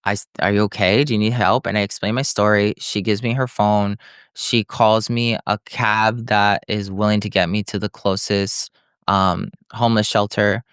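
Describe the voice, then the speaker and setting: A man's voice: on the low side, clear, resonant tone, dry recording, studio quality. A young man, a podcast guest, telling his story in conversation and acting out what others said to him. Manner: animated storytelling, acting out other people's lines, frequent "like".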